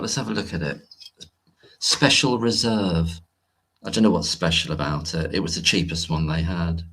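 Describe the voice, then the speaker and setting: A man with a low, husky voice chats loosely on a home livestream. He rambles and restarts his sentences as he greets people in the chat one by one. Recorded on a home computer mic. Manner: rambling, hesitant, greets chat viewers warmly. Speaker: livestream host. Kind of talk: casual live-stream chat.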